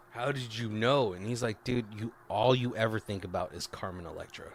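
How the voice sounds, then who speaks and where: A man's voice: mid-range voice, normal speed, pauses often, a bit bright, a little hiss or hum. A man co-hosting a casual movie review podcast, swearing freely and laughing as he retells scenes. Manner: profane, laughing, retells scenes doing quoted lines. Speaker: podcast co-host.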